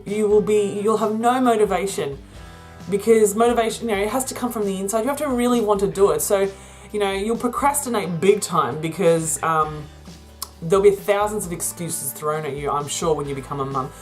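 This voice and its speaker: A woman's voice: medium pitch, brisk, darkish tone, soft background music. A woman talking through a rambling, casual vlog about her business, laughing often. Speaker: vlogger and virtual assistant business owner.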